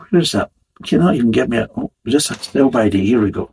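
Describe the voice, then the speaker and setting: A man's voice: mid-range voice, expressive, moderate pace, creaky, breathy edge, low-quality recording. A man giving a casual, blunt and sweary spoken beer review with a wry, exasperated manner.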